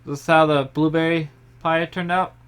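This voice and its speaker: A young man talks through a pie recipe in his home kitchen, his voice smooth and resonant and sitting a little high for a man. His explaining is relaxed and step-by-step, often trailing off softly at the ends of phrases. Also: moderate pace. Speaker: home baker. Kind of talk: casual cooking tutorial.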